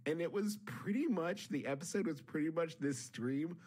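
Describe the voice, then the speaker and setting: A man's voice: on the high side, moderate pace, a little mellow, breathy edge. A man co-hosting a comedy podcast, rambling and mock-indignant. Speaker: podcast co-host.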